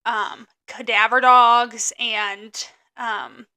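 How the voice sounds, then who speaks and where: A woman's voice: on the high side, little pitch movement, very slow, pushed and bright. A young woman co-hosting a casual podcast, telling a story in a laid-back way full of fillers. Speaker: podcast co-host. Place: indoors, filming on a phone.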